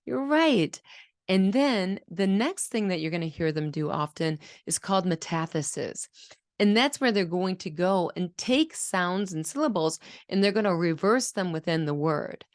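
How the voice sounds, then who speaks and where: Low-voiced woman teaching speech therapy. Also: expressive, moderate pace, no room sound, studio quality. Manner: clear, explanatory, demonstrates children's sounds aloud. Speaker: speech-language pathologist. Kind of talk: teaching video lesson.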